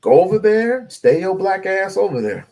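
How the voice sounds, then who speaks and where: A man's voice: high-pitched, sing-song, moderate pace, mellow. A man giving heated, profane live-stream commentary, ranting and repeating himself.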